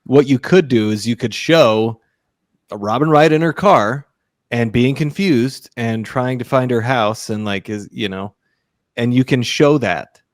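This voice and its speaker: A man co-hosting a podcast in casual film review chat, laughing often and chiming in with quick agreement. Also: medium pitch, dry recording, studio quality. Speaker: podcast co-host.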